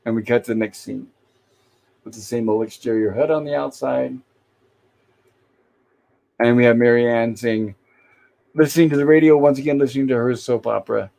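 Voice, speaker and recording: A man's voice: mid-range voice, moderate pace, creaky, long pauses, warm tone, low-quality recording. A man hosting a casual review show, retelling old sitcom scenes and quoting the characters in his own voice. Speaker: host. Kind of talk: casual episode recap, reading scenes aloud.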